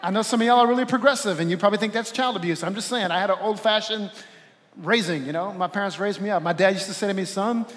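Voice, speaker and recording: A man's voice: high-pitched, fast, a bit bright. A man pastor preaching a sermon to his congregation, calling out to the crowd with a preacherly manner. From Louisiana. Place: church sanctuary. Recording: reverberant church hall.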